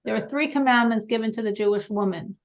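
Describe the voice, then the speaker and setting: A woman's voice: a little high, quick pace. Earnest woman teaching a religious class. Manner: earnest, storytelling, asks the group questions. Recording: dull lo-fi sound.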